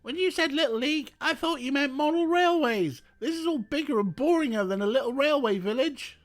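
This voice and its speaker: A man's voice: very high voice, a little fast, faint music behind, pitched above the performer's own voice. A man voicing a cocky, cheeky young girl who is captain of a kids' team. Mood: scornful. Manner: bright, cheeky and excited.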